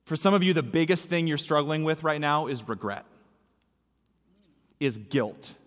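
A man's voice: on the high side, lively intonation, unhurried, fairly bright tone. A male pastor giving a sermon in a church, preaching with emphasis and repeating his key lines. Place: church sanctuary. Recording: echoey hall with long reverb.

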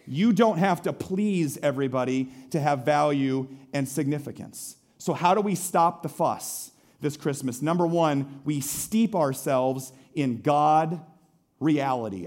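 Lively preaching man, fairly high voice. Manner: dynamic preaching, swinging between loud emphasis and soft slow phrases. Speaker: pastor. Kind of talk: sermon.

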